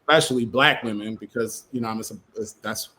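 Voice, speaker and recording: A man's voice: on the low side, fairly quick, bright, forceful tone, poor audio. A man, a comic creator guest on a casual podcast, talking in loose slang and acting out quotes as he tells a story.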